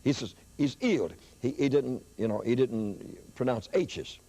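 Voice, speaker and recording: An older man preaching, telling a story in an animated sermon style with excited rises in his voice. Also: a little slow. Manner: animated storyteller, rising pitch when excited.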